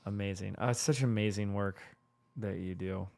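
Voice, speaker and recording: Quiet, low-voiced male host. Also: steady tone, normal speed, vocal fry, dry recording. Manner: soft, quiet reactions of amazement. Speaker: podcast host. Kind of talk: interview listening and reactions.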